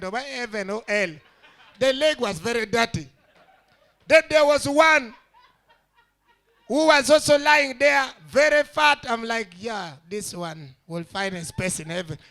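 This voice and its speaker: A man doing stand-up comedy with a high, bright voice. He tells his story with animation and slips into character voices for the people in it, speaking into a stage mic.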